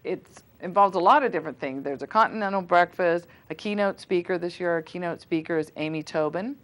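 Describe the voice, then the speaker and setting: Chatty low-voiced woman guest. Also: a little fast. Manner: chatty, many fillers and restarts. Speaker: school foundation volunteer guest. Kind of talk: casual interview on local cable TV.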